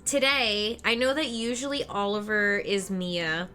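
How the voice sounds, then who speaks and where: A woman's voice: medium pitch, fairly even intonation, unhurried, sharp tone, faint music behind. A woman streamer chatting playfully and giggling with her co-host before playing a game. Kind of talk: casual chat on a game stream.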